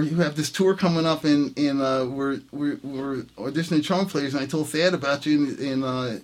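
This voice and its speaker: A man, a jazz trumpet player, telling a story in casual conversation, acting out the dialogue and laughing often. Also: on the high side. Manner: animated, acts out quoted dialogue, laughs often. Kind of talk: casual anecdote in an interview.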